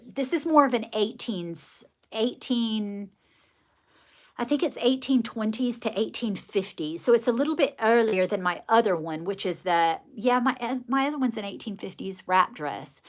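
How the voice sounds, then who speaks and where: A woman telling a rambling story live to her viewers, chatty and folksy, full of fillers and restarts. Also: fairly high pitch. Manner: folksy, addresses viewers directly. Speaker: live streamer. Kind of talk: casual live-stream storytelling.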